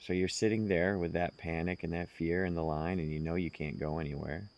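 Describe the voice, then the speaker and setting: A man speaking slowly and earnestly, giving direct self-help advice to the listener. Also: low voice, fairly even intonation, muffled recording. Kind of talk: casual advice monologue.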